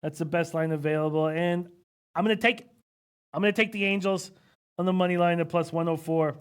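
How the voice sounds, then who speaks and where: A man's voice: a little high, steady tone, brisk, smooth. A man hosting a live betting-picks stream, thinking aloud casually and reading out viewer comments with frequent hmms. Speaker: sports betting analyst host.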